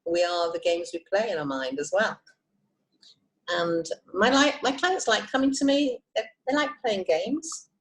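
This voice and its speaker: A woman hypnotist and trainer teaching self-help techniques on a video call, expressive and encouraging. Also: medium pitch, unhurried, rough recording. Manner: lively, expressive, encouraging, with frequent asides. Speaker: hypnotist and emotional intelligence trainer.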